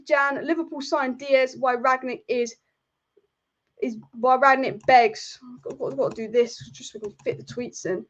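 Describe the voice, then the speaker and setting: A woman's voice: high voice, fairly even intonation, normal speed, muffled recording. A woman hosting a football live stream, furious and exasperated, repeating herself as she rants. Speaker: football channel host.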